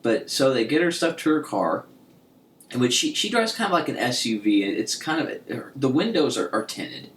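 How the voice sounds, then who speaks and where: A man's voice: medium pitch, sing-song, normal speed. A man co-hosting a podcast, chatting casually and rambling through stories with lots of restarts and laughs. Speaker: podcast co-host. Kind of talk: casual chat. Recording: echoey room with faint hiss.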